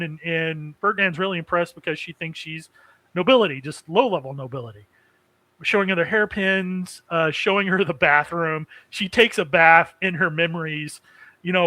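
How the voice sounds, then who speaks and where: A man's voice: on the high side, sharp tone, dry recording, rough recording. A man hosting a casual anime recap, rambling with many fillers and chuckling as he goes. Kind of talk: casual chat.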